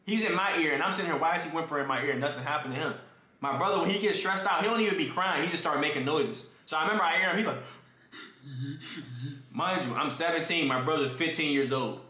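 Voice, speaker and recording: In an echoey room, a young streamer with a fairly high, sharp voice tells his chat a story fast and casually. He uses slang and speaks straight to his viewers, keeping the storytelling animated.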